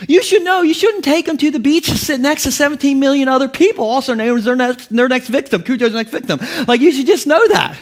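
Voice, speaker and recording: A man in his thirties delivers a sermon full of jokes and funny stories. His voice sits unusually high for a man. He laughs often as he preaches from the pulpit. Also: fast talker, hardly any pauses. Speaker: pastor. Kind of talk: humorous sermon.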